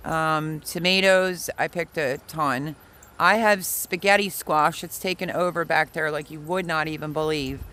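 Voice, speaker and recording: A man with a voice on the high side, fairly even intonation and a sharp tone speaks unhurriedly. He's a home gardener hosting a casual livestream from his backyard garden, rambling along and answering viewer comments, with noisy outdoor ambience around him.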